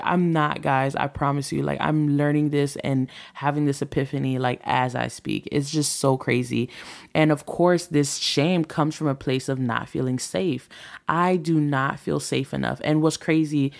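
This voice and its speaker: A woman's voice: low-pitched, gravelly. A woman in her thirties who hosts a relationship talk show. She talks in a candid, reflective monologue that rambles with fillers.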